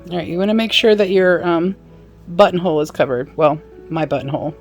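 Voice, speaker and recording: Woman, low register, casual hands-on sewing tutor with chatty asides; light music underneath. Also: fairly quick. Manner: chatty, apologetic asides, talks while working. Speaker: sewing instructor. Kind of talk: casual how-to demonstration.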